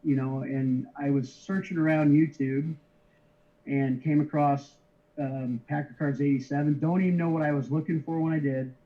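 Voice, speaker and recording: Slightly dull lo-fi audio captures a middle-aged man, a card shipper, sharing his story in an interview. His voice is a little high and steady, and his easygoing telling is halting, full of restarts and light chuckles.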